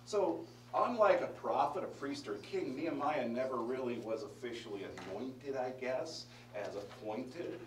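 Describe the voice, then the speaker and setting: A man's voice: medium pitch, moderate pace, slight background noise. Emphatic male pastor in a roomy hall. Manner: lively, emphatic, many fillers and restarts. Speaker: pastor teaching a Bible study. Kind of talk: sermon with questions to the congregation. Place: church hall. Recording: roomy live-stream audio from a distance.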